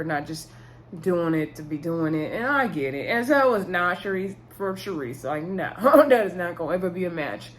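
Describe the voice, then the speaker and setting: A chatty, opinionated woman with a fairly low voice talks through a reality show episode in a casual recap. She retells scenes in her own words and adds her own take. A faint hiss sits under her voice.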